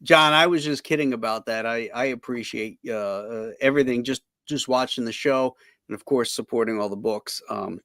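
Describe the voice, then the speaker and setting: A man co-hosting a livestream, joking facetiously and filling pauses with hesitant fillers. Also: medium pitch, a bit bright, no echo. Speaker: podcast co-host. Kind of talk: casual livestream chat.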